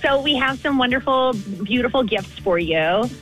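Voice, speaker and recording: A woman's voice: high-pitched, expressive, normal speed, a bit bright, faint music behind, rough recording. A woman reporting on location for a radio show, gushing and upbeat as she presents gifts.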